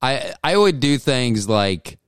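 A man's voice: mid-range voice, big pitch swings, takes it slowly, clear, resonant tone, no echo. A male podcast host talking in a casual, rambling monologue full of self-mocking, jokey asides, close on the mic.

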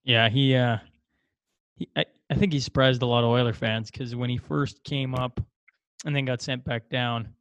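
A man hosting a casual interview, asking questions with animated, excited reactions. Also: mid-range voice, normal speed, dry recording. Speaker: interviewer host. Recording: dull lo-fi, dry sound.

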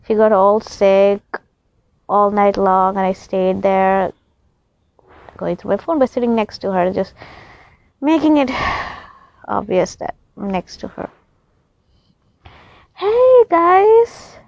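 A woman's voice: mid-range voice, measured pace, creaky, long pauses, a little mellow, no room sound. A young woman vlogging in a rambling, chatty, emotional way. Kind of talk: casual chat to camera. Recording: slightly dull recording.

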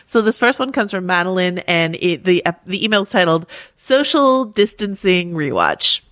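A woman's voice: lowish voice, animated, moderate pace, fairly bright tone, no room sound, clean studio sound. A woman co-hosting a podcast, casually reading listener emails aloud with easy laughs and frequent fillers. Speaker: podcast co-host.

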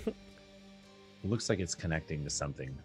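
A man's voice: rumbling low, expressive, measured pace, soft background music. A man co-hosting a casual livestream, bantering in a laid-back slangy way. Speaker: co-host.

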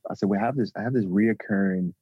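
A man, a relationship coach talking haltingly in a podcast interview. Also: fairly low pitch, slightly rough, no echo, dull audio. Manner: halting, with many restarts and fillers.

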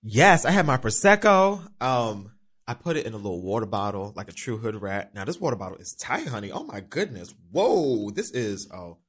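Lively, campy male podcast host. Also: lowish voice, normal speed. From New York. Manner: animated, swearing, campy storytelling. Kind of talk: casual solo podcast chat. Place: studio.

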